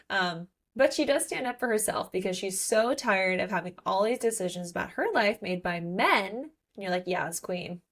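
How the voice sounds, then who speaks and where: Retelling a book's story on the casual podcast she co-hosts, this woman acts out what the characters say in rapid, animated spurts. Her voice sits in the middle range.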